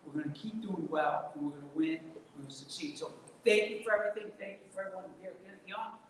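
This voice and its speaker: A mayor giving a folksy, emphatic speech at a community event. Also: male voice, high-pitched, fast talker. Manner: folksy, emphatic, repetitive rallying. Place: large indoor event hall. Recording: very echoey hall, some noise.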